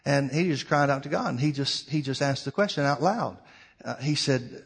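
A man of ordinary pitch preaching a storytelling sermon. He tells it dramatically, rising to loud cries and then dropping to a hushed, quiet delivery. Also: moderate pace, slightly rough.

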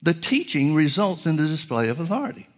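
A male preacher teaching from scripture, reading verses slowly with stress on key words and calling his listeners folks. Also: fairly high pitch, big pitch swings. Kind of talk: Bible teaching sermon.

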